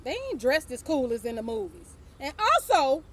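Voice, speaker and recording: A woman's voice: high voice, very animated, normal speed, a bit bright. A middle-aged woman hosting her own show, telling a casual story, laughing often and swearing offhandedly. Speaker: host.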